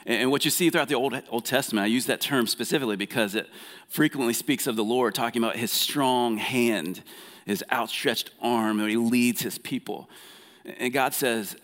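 A man preaching a sermon in an earnest, conversational way, often repeating words as he restarts and softening when he paraphrases God. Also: medium pitch, normal speed. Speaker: pastor. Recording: long hall reverb.

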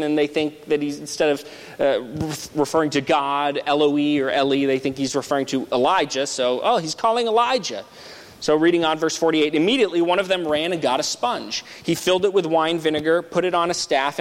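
Man teaching scripture in a reverberant hall. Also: a little high. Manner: conversational, frequent "right?" check-ins. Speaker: preacher. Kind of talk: Bible teaching sermon. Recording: long hall reverb with background noise.

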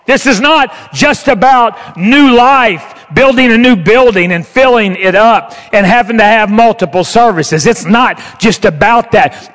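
High-voiced man preaching in a reverberant hall. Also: fairly bright tone. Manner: emphatic preaching, drawn-out stressed words. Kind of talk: sermon. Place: church sanctuary.

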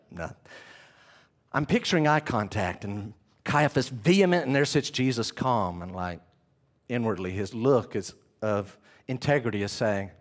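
A male pastor preaching an animated sermon, telling the story with vivid retelling and addressing the listeners as "guys". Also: fairly low pitch, moderate pace.

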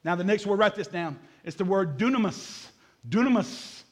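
High-voiced guy preaching to a congregation, lively, repeats words, cracks jokes. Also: normal speed. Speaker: pastor. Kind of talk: sermon.

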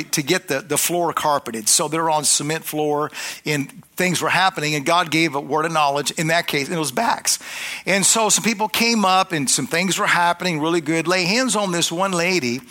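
A man's voice: on the high side, pushed and bright. A middle-aged man preaching a sermon in a rambling, conversational way, telling a healing story with restarts and asides to the congregation.

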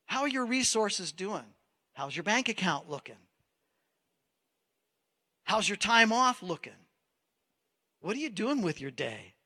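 A man's voice: high-pitched, animated, a little slow, long pauses, bright, forceful tone, big-room sound. A man preaching a sermon in a conversational style, asking the listeners questions. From Maine. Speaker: pastor.

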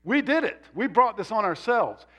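A male pastor preaching a sermon in a church, animated and emphatic, with sudden jumps up in pitch on key words. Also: moderate pace. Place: church sanctuary.

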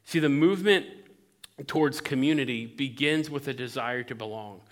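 A man preaching a sermon as pastor, conversational and animated, acting out the voices of people in the story he tells. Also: mid-range voice, moderate pace. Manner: animated, conversational, acts out voices in Bible quotes.

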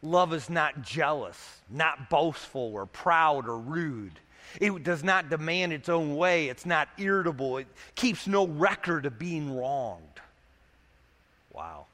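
High-voiced preacher in a reverberant room. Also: male voice, expressive, takes it slowly, sharp tone. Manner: conversational preaching with rhetorical questions. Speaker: pastor. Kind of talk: sermon.

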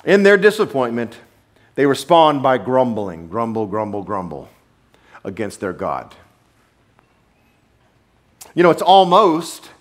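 Animated male preacher, lively pitch. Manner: animated, with sudden drops to a low murmur. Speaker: pastor. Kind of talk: sermon. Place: church sanctuary.

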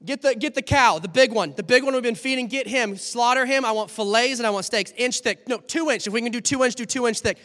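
A man voicing an overjoyed wealthy father who barks excited orders, in a long hall reverb. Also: very high-pitched, fast, few pauses, voice pushed up. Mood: joyful commanding.

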